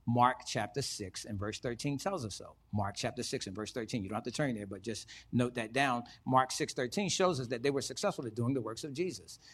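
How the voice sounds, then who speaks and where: A man delivering a sermon from the pulpit at a middle pitch. He teaches in a preacher's cadence, repeats his key lines for emphasis and drops in quick shouts of praise between points. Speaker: pastor.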